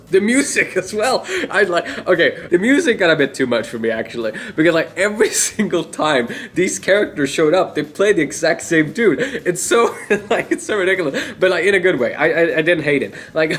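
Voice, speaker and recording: A man's voice: sits high, big pitch swings, fairly quick, fairly bright tone. A young man giving a casual, rambling movie opinion, laughing often and swearing. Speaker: movie reviewer.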